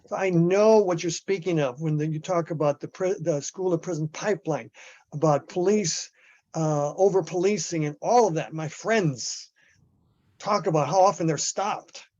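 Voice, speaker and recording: Man, high voice, emphatic activist on a muffled lo-fi call, stumbles and restarts. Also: normal speed, a little mellow. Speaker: activist in a group discussion. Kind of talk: impassioned group discussion.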